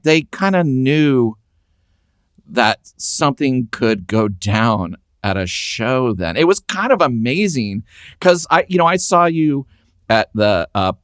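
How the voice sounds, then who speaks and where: A man's voice: medium pitch, a bit bright, dry recording, clean studio sound. A man hosting a casual interview chat, recalling shows with a fan's enthusiasm. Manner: enthusiastic fan, chatty recollections. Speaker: podcast host.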